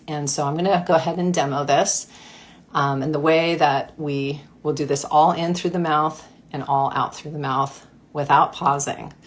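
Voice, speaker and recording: A woman coach guiding a breathwork practice in a gentle, playful way. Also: deep voice, fairly even intonation, normal speed. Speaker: mindfulness coach. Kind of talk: guided breathwork instruction.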